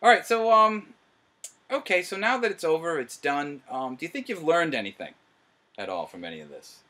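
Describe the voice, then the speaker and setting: Animated, bright-voiced middle-aged man. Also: fairly high pitch, normal speed. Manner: animated, laughs often, excitable. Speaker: host. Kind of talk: casual commentary chat.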